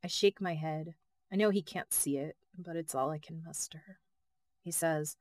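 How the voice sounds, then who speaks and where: A woman narrates her own novel in the first person on a close mic. Her voice sits fairly low and she reads in an intimate, emotional way. The recording is dry with no room sound. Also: moderate pace, a little mellow, dry recording. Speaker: author reading her novel.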